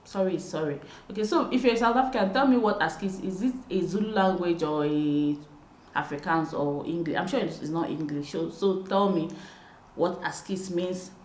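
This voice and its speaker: Brief: young Nigerian woman, chatty vlogger, animated delivery, roomy echo. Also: on the low side, normal speed. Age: young adult. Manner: chatty, animated, laughs often. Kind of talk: casual explainer vlog.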